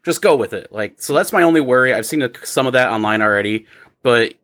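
A man co-hosting a podcast in casual chat, animated and swearing when he gets worked up. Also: medium pitch, quick pace. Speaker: podcast co-host.

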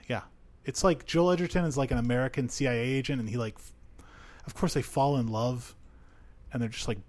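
A man on a podcast reviewing a film in casual chat, rambling with lots of fillers and swearing. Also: mid-range voice. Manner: rambling, profane, many fillers, laughs often.

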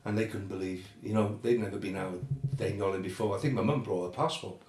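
Low-voiced North Welsh man telling stories. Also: brisk, darkish tone. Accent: North Welsh with a slight Cockney and Geordie twang. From North Wales. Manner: anecdotal, chuckling, acts out quoted voices. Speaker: guest, former footballer. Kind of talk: relaxed storytelling. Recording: roomy echo.

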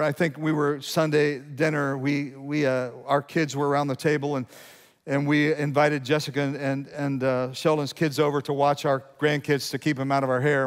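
A man's voice: mid-range voice, in a large hall. A middle-aged man preaching a sermon as pastor, conversational and prone to restarts and asides.

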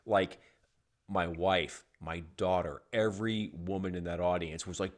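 Man, middle-aged, casual podcast chat, slightly low voice, laughs a lot, lively. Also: moderate pace. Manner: animated, laughs often, restarts sentences. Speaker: podcast co-host. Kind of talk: casual chat about movies.

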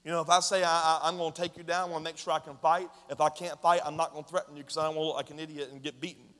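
A man preaching a lively sermon, retelling a story in casual slang and urging the congregation to respond. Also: on the high side, racing. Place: church hall. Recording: long hall reverb.

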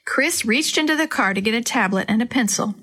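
A woman's voice: on the high side, animated, brisk, bright, forceful tone, husky. Woman reading a children's story. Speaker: narrator. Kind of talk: children's story read aloud.

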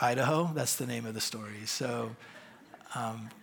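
Middle-aged pastor, raspy and gravelly, halting sermon storyteller. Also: male voice, medium pitch, fairly bright tone. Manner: halting, self-deprecating, many fillers.

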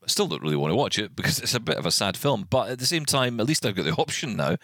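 A man with a low, deep voice co-hosts a podcast, his pitch swinging widely as he rants in exasperation. He stumbles over restarts as he talks in casual chat, recorded dry and close with no room sound. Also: fast, no echo. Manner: animated, exasperated ranting with many restarts. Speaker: podcast co-host.

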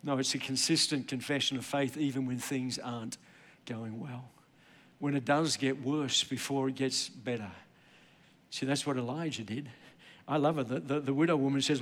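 A man's voice: medium pitch, moderate pace, a bit bright. A middle-aged male pastor preaching a sermon, telling stories with emphatic repeated asides. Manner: emphatic storytelling preacher with repeated "I gotta tell you". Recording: long reverb of a large hall.

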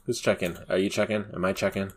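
A man's voice: low-pitched, level tone, fast. A man co-hosting a podcast in casual chat, riffing playfully with jokingly dramatic lines. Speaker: podcast co-host.

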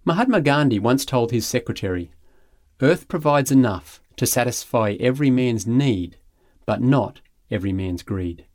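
A man preaching a sermon, telling a story with drama and reading scripture aloud, pausing for effect. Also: mid-range voice, dry recording, studio quality. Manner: expressive storytelling with dramatic pauses. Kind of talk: sermon mixing film recap and scripture reading.

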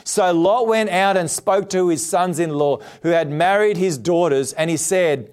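A man's voice: high voice, a little slow, hardly any pauses, a little mellow, clear, resonant tone. A male preacher giving a televised sermon, earnest and emphatic, asking rhetorical questions. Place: TV studio.

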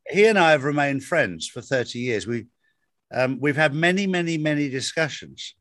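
A man's voice: a little high, expressive, normal speed, a bit bright, dry recording, studio quality. A man in casual conversation about faith, telling personal stories and repeating phrases for emphasis. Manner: storytelling, emphatic repetitions.

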